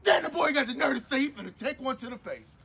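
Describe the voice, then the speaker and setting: A man playing a loud, hot-tempered older father in a comedy sketch, shouting and ranting in rhymes. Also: extremely high pitch, animated, fast talker, vocal fry, husky, full character voice.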